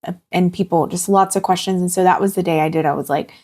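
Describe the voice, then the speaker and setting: A woman in her thirties, a guest in an interview, talking in a halting, heartfelt way with many fillers. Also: lowish voice, fairly even intonation, warm tone. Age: 30s. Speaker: guest sharing her cancer journey. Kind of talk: candid personal interview.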